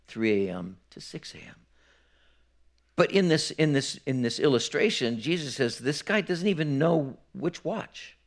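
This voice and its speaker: A male pastor preaching in a mid-range voice. He teaches step by step and keeps checking in with his listeners. He often repeats a word or two as he restarts a thought. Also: mid-range voice. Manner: explanatory, frequent "right?" checks, repeats words when restarting. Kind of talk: sermon.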